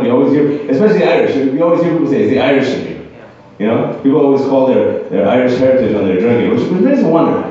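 A man doing a stand-up set, wry, rambling and self-mocking, from a country that was once a British colony. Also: medium pitch. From former British colony. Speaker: stand-up comedian. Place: comedy club stage. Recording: dull, far-off echoey club recording.

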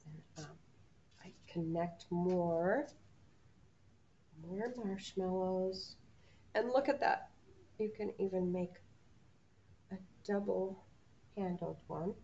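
A woman teaching preschoolers, talking gently and encouragingly to small children and leading a sing-along. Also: on the low side, slow, long pauses, muffled recording, slight background noise.

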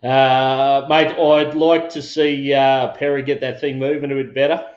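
A man's voice: mid-range voice, level tone, unhurried. A laid-back Australian man hosts a live chat show, talking in a matey, rambling way. His voice sits in a roomy space. The sound is a little dull and lo-fi. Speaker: show host. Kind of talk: casual live-stream chat.

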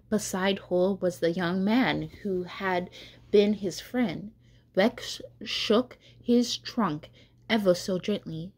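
A woman catechist reading a children's story aloud, slow and careful, with small stumbles. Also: on the low side, darkish tone, breathy edge.

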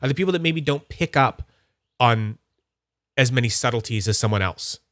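A man hosting a casual livestream, rambling enthusiastically about his collection and slipping into high silly voices when he quotes people. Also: expressive, normal speed, fairly bright tone, dry recording, clean studio sound. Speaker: livestream host.

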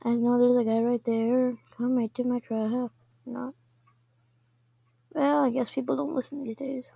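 Breathy high-voiced woman narrating gameplay. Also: little pitch movement, measured pace, no echo, narrow, tinny audio. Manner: chatty, often drops into whispers. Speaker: gameplay commentator. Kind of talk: casual gaming commentary.

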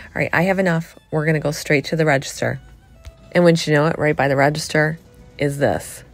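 A middle-aged woman chatting excitedly to viewers as she shops a thrift store, filming on a handheld phone. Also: deep voice, a little fast, soft background music. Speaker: vlogger. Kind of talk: casual thrift-store vlog chat.

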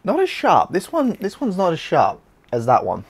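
A man's voice: high voice, wildly swooping pitch, normal speed, slightly rough. An Australian man hosting a casual beer-tasting vlog, chatty and blunt, with slang and swearing.

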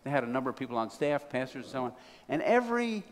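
Folksy preacher in a reverberant church. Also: male voice, mid-range voice, fast talker. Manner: folksy, building to excited. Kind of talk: sermon storytelling. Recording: reverberant hall.

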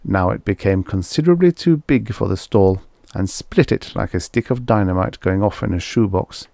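A man's voice: on the low side, moderate pace, vocal fry, warm tone, no echo. A man narrating a vintage story aloud in a wry first-person telling. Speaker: audiobook narrator. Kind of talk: scripted narration.

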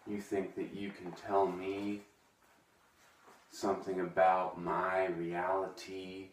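A man playing an awkward, touchy video host who reads a bitter poem aloud in a deadpan way and then rambles hesitantly with many ums. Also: low voice. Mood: bitter recitation. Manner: hesitant, full of ums and restarts. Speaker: comedy sketch character, hosts a web video. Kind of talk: deadpan comedic poem reading and rambling monologue. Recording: echoey room, voice from a distance.

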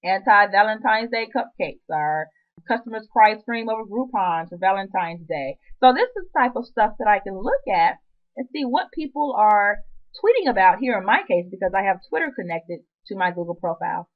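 A woman's voice: medium pitch, animated, moderate pace, phone-quality sound. A woman presenting a screen-recorded web marketing tutorial, chatty and upbeat with playful asides.

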